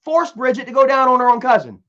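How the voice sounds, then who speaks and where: A young man with a fairly high voice rambles through a casual live stream, reading viewer comments aloud. He stumbles, repeats himself and restarts his sentences. The sound is dull and lo-fi. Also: lively intonation, fast talker, a bit bright.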